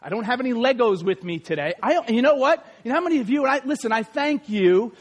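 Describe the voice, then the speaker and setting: Man, pastor, sermon, very high voice, emphatic, shouting, long hall reverb. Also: animated, fast. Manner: emphatic, often shouting, addresses the congregation directly.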